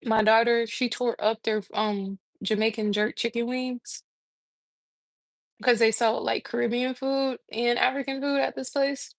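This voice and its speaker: Chatty higher-voiced woman hosting a stream. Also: no room sound. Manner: chatty, laughing storytelling while eating. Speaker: live stream host. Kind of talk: casual morning chat stream. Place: home kitchen. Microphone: phone mic.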